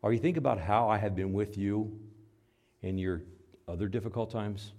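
A middle-aged man preaching a sermon, swinging between loud, high outbursts and low, quiet asides as he acts out dialogue between God and doubters. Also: normal speed. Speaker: pastor.

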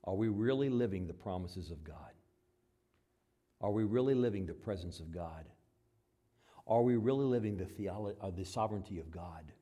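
Guy preaching a sermon, warm mellow voice, gets loud then drops low and chatty. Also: animated, moderate pace, pauses often. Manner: swings between loud emphatic preaching and quiet conversational asides; acts out quoted voices. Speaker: pastor.

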